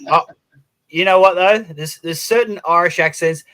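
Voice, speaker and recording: A man's voice: high-pitched, moderate pace. A man chatting casually and joking, teasing about accents. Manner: joking, bright, mimics accents. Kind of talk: casual chat.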